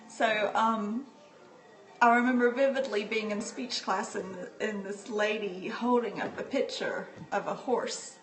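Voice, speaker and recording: A woman's voice: medium pitch, steady tone, soft background music. A woman from North Carolina chatting casually with livestream viewers from home on a handheld phone, often laughing as she talks. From North Carolina, USA. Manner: chatty and unhurried, laughs often while talking. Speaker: livestream host. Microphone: phone or tablet held by the speaker. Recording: roomy livestream phone audio.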